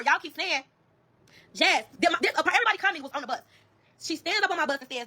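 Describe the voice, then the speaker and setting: A woman's voice: high-pitched, quick pace. A woman with a Chicago accent telling a story to viewers, blunt and profane, acting out the dialogue. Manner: blunt, profane, animated retelling with quoted dialogue.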